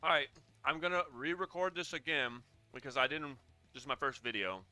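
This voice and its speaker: Bright-voiced man ranting sarcastically. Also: mid-range voice, fairly quick, no echo, soft background music. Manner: rambling, sarcastic, gets worked up. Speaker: commentator reacting to a video. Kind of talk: casual profane reaction commentary.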